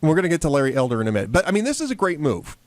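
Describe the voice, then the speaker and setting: A male talk show host with a slightly higher than usual voice that swings widely in pitch. He talks in an enthusiastic, chatty way, often restarting his sentences. The sound is dry and close. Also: wildly swooping pitch, rapid-fire, dry recording. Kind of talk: casual radio-style chat.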